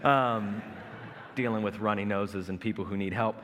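In a big church sanctuary full of long hall reverb, a thirtysomething male pastor preaches at a moderate pace. His lowish voice is fairly even in intonation and a bit bright, and he tells family stories with conversational, self-deprecating humor, acting them out.

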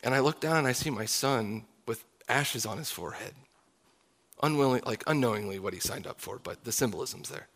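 A man's voice: medium pitch, fairly quick. A man in his thirties, a pastor preaching a sermon in an earnest, confessional way. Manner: earnest, confessional, closing in soft prayer.

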